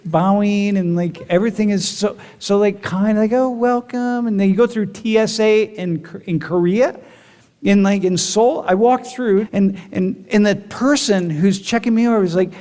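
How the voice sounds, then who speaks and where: A man lecturing to a university class, talking in an animated, rambling way with constant fillers. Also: high voice, normal speed. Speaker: university professor. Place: large lecture hall. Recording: long hall reverb.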